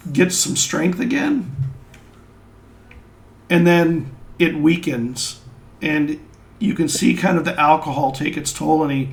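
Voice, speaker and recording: A man narrating a tabletop game as game master, describing scenes slowly through a headset mic. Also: on the high side, vocal fry, echoey room.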